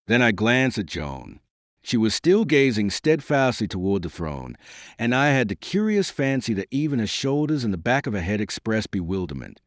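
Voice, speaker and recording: A man narrating a historical novel as an audiobook, in a measured, expressive reading on a close mic. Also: medium pitch, no echo. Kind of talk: storybook narration.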